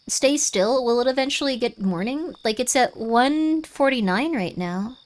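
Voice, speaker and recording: A woman's voice: fairly high pitch, expressive, unhurried. A woman streaming a game live, chatting playfully and reading the on-screen text aloud. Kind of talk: live-streamed gameplay commentary.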